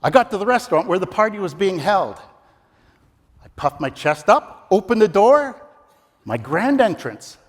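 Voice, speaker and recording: Animated man giving a stage speech. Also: high-pitched, normal speed. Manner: theatrical, storytelling, comic timing. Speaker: contest speaker. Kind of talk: competition public speech. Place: large convention ballroom. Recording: reverberant ballroom.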